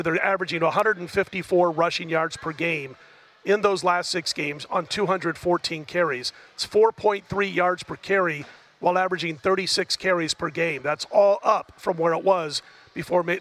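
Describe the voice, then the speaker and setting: A man giving analysis as a guest on a sports betting talk show, measured and analytical. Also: high voice, a bit bright.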